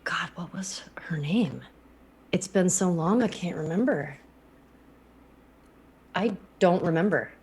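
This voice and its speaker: A woman chatting casually and playfully on a livestream with quick reactions. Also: on the low side, animated, darkish tone, husky. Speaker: streamer guest.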